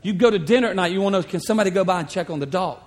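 Storytelling pastor in a ringing hall. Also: male voice, sits high, racing. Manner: storytelling, conversational, animated asides. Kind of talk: sermon. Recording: long hall reverb.

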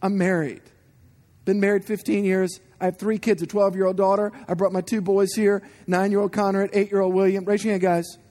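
A man in his forties preaching a sermon, telling animated personal stories and asking the congregation questions. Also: high-pitched, fairly quick. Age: 40s. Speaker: guest preacher.

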